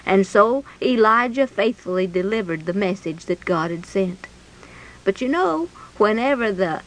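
A woman's voice: mid-range voice, low-quality recording. A woman telling a Bible story in a folksy, chatty way, full of rhetorical questions.

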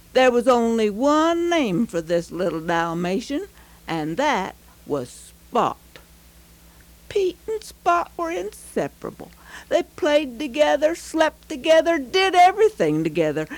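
A woman reading a heartfelt story aloud, slow and expressive. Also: a little high, low-quality recording. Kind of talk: scripted story narration.

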